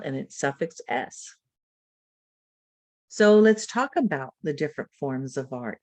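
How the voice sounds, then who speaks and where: A woman's voice: deep voice, no room sound. A woman giving a teacher-training webinar over a video call, explaining lessons in a teacherly way and often checking in with "right?". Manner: warm teacherly, frequent "right?" check-ins. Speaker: presenter. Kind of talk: webinar lecture. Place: home or office, recorded over video call.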